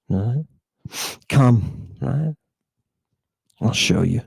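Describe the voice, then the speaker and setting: A man's voice: medium pitch, lively intonation, slow, long pauses, a little mellow, dry recording. A man giving an impassioned lecture on ancient texts. He talks emphatically, repeats his phrases and keeps checking with "right?".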